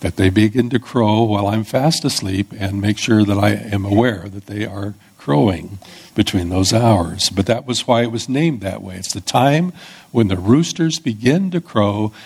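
A pastor preaching an expository sermon in a conversational teaching manner, with small restarts. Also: male voice, lowish voice, a little mellow, husky.

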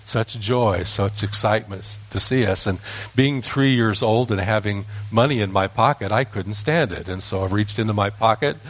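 An older man, a grandfather, telling a family story from his childhood in a folksy, unhurried way. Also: on the low side. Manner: folksy, unhurried, with small restarts. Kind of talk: personal storytelling.

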